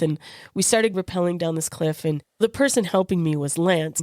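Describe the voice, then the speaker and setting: Woman podcast co-host with a lowish voice, a lively storyteller who does the other voices, recorded close and dry. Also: no echo. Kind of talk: personal storytelling in casual chat.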